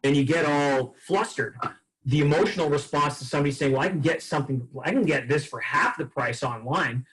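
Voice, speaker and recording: A man's voice: on the high side, a little fast, low-quality recording. A man leading a sales training session, telling customer stories casually and acting out the dialogue. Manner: casual, lively storytelling with acted-out dialogue.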